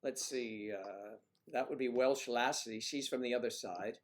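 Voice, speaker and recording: An American man hosting a casual livestream, rambling and often clearing his throat while he fiddles with the audio. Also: mid-range voice, a little slow, a little hiss or hum. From United States. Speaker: livestream host.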